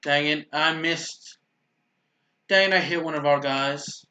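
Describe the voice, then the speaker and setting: A man's voice: on the high side, unhurried, sharp tone, muffled recording, slight background noise. A man giving casual, rambling commentary over a video game, often stopping to correct himself and stuttering. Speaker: gaming YouTuber. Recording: roomy echo.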